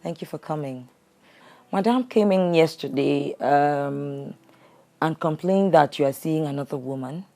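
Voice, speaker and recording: A woman hosting a counseling show, calm, measured and soothing. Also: deep voice. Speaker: relationship counselor host.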